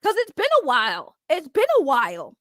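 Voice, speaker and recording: Woman, very high-pitched, dry close mic, heated profane rant, mocking YouTuber. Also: huge pitch swings, no echo. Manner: profane, heated, mocking, swings loud and fast. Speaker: drama commentary YouTuber.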